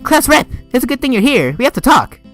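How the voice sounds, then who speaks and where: A man voicing a loud, bubbly and pushy teenage schoolgirl, speaking in a shrill, shouting voice. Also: sing-song, quick pace, faint music behind, full character voice. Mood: scolding.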